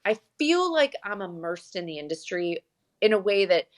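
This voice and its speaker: A woman's voice: mid-range voice, very animated, normal speed. A woman who owns a glamping site, chatting in an interview and telling stories with many restarts. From Michigan, USA. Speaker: glamping site owner, guest. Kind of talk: casual interview chat.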